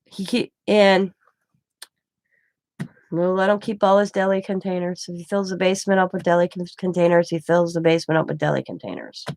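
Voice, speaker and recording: A woman's voice: fairly low pitch, fairly even intonation, brisk, creaky, a little mellow, no room sound. Chatty Midwestern woman, dry close sound. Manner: rambling storytelling with quoted dialogue. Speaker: craft channel host. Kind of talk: casual chat to camera.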